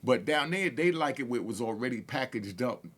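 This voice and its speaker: A man's voice: medium pitch, animated, a little fast, a bit bright. A man hosting a reaction video, telling rambling stories from his past with lots of "you know what I mean". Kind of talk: casual storytelling.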